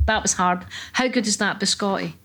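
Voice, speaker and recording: A woman's voice: mid-range voice, brisk, over a noisy crowd. Sweary Scottish woman telling stories. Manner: lively, profane storyteller. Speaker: comedian guest. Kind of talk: casual chat.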